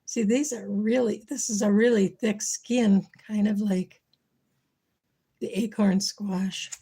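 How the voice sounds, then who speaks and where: A woman's voice: medium pitch, fairly even intonation, slow pace, gravelly, dark tone, husky. A woman hosting a casual livestream, chatting and thinking aloud as she works, her voice getting tired. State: losing her voice. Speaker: livestream host. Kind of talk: casual kitchen livestream chat.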